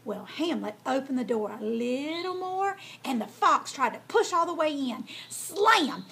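A woman hosting a storytime, reading a children's tale aloud in a folksy, lively way. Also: high voice, normal speed, creaky. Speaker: storyteller host.

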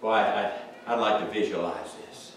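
A male pastor preaching a sermon, swinging from hushed to shouting and asking the congregation questions. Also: lowish voice, moderate pace, background noise. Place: church sanctuary. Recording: echoey church hall from far off.

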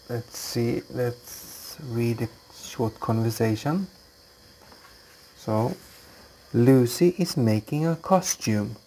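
A man teaching English to young children, explaining slowly and patiently. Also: medium pitch, dark tone. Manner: slow, clear, patient explaining. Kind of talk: slow classroom instruction for children.

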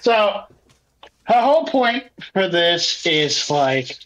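A podcast co-host walking through a show beat by beat in loose, casual chat. The talk is peppered with swearing and quick acted-out asides, at a middling pitch. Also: very animated, fairly bright tone, highs cut off. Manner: profane, chatty play-by-play with acted-out asides. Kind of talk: casual chat recapping wrestling.

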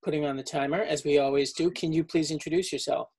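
A man, a teacher, interviewing a colleague in a relaxed, casual way with lots of fillers. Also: a little high, fast talker, husky.

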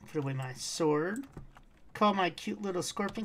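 Woman streamer, low creaky voice with animated swings; chatty walkthrough commentary, sings bits. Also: moderate pace, a little hiss or hum. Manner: chatty, talks to her pet and chat, hums and sings snatches. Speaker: streamer playing a game. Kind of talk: casual game walkthrough commentary.

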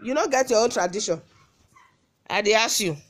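A woman's voice: fairly high pitch, animated, moderate pace. A woman with a Nigerian Benin accent recording a scolding audio message, firing off repeated rhetorical questions. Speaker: social media commentator.

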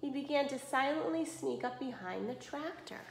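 A woman teacher reading a children's story aloud in an expressive way for a lesson. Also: sits high, normal speed, vocal fry. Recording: roomy echo.

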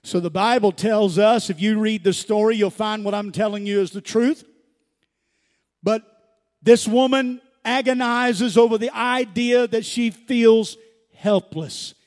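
A man preaching a sermon as pastor, calling out to the congregation and rising to shouts. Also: high-pitched, steady tone, measured pace. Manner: calls to the congregation, builds to shouts. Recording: church hall with long reverb.

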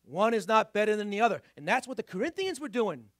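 High-voiced preacher with a New York–Boston accent. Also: male voice, sing-song, fast, a bit bright, no echo, clean studio sound. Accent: mix of New York and Boston. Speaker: pastor. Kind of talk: sermon. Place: church sanctuary.

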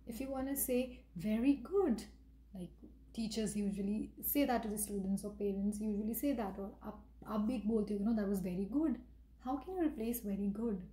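A woman's voice: medium pitch, quick pace, warm tone. Woman teaching words, echoey room. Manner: explanatory, repeats examples, mixes in Hindi phrases. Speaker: English vocabulary teacher. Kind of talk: casual online vocabulary lesson.

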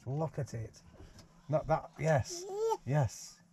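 A man's voice: on the high side, huge pitch swings, slow, dark tone, slight background noise. A man reads a picture book aloud to a baby in a caravan, breaking off for playful, teasing asides. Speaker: parent reading to a baby. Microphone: 360 VR camera.

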